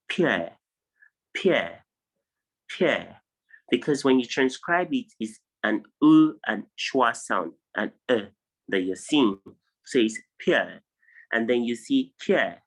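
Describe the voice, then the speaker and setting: A man's voice: mid-range voice, low-quality recording. A man with a Nigerian English accent, teaching a pronunciation lesson over a video call and patiently repeating each word so students can drill it. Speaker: English tutor.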